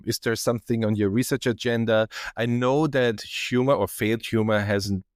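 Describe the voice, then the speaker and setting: A man's voice: mid-range voice, fairly even intonation, moderate pace, no echo, clean studio sound. A man hosting a podcast interview, asking short questions and giving brief attentive replies. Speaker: podcast host.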